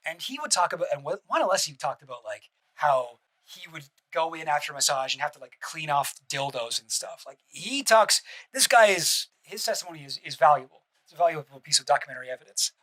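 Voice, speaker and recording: Guy ranting on his stream, talks super fast, bright edgy voice, keeps restarting, swears a lot. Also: on the high side, sing-song, low-quality recording. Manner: rambling, many restarts and asides, blunt swearing. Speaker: streamer reacting to a deposition. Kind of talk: casual reaction commentary.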